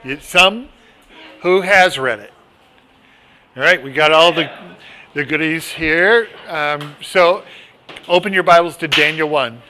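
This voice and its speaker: A man's voice: on the high side, slow, long pauses, pushed and bright, soft background music. A middle-aged man leading a casual Bible study, telling stories and reading scripture aloud in a rambling, chatty way with asides and restarts.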